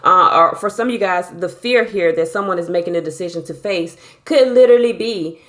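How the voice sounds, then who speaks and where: A woman's voice: fairly low pitch, brisk, a bit bright. A woman giving a casual tarot reading, talking bluntly and emphatically with lots of profanity and a way of speaking. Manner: blunt, profane, emphatic, repeats "you feel me". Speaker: tarot reader.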